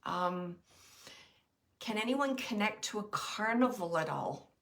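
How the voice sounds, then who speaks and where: A woman's voice: mid-range voice, expressive, slow, gravelly, a bit bright. A woman doing a live psychic reading for viewers, hesitant and thinking aloud with many fillers as she describes her impressions. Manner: describes impressions as they come. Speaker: psychic medium.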